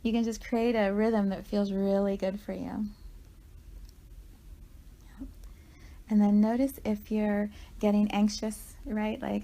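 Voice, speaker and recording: A woman guiding a walking meditation, talking gently and conversationally with frequent asides to the listener. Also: medium pitch, little pitch movement, takes it slowly, creaky, pauses often. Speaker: meditation guide.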